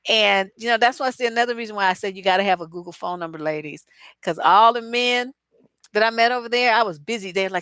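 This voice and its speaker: A woman's voice: mid-range voice, fast talker, fairly bright tone, smooth, no echo. A woman relationship coach answering viewer questions on a live stream in a blunt, profane, acerbic way, full of asides and mock dialogue. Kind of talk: live-stream advice chat.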